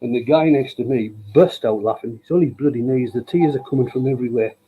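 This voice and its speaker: A man's voice: medium pitch, quick pace, narrow, tinny audio, a little hiss or hum. A man hosting a live woodturning stream from his workshop, chatting casually and cracking wry jokes as he works. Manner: joking, wry, dry humour. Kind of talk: casual chat while working. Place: home workshop.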